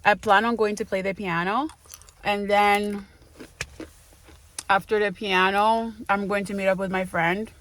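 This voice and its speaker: A woman's voice: mid-range voice, little pitch movement, unhurried, pauses often, fairly bright tone, slight background noise. A woman in her late twenties talking casually in a vlog, rambling with lots of fillers and laughs. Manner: munching while talking. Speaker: vlogger.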